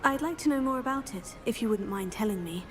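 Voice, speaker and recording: A woman voicing a caring young witch in a video game, higher voice, gentle and sympathetic, earnest in every line, with faint background noise. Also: lively intonation, fast talker, natural voice. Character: young female wizard student, earnest and caring.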